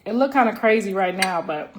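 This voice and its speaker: A woman hosting a casual livestream, telling loud, laughing, slangy stories. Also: medium pitch, animated, brisk, noisy background. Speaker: livestream host. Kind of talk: casual live-stream chat.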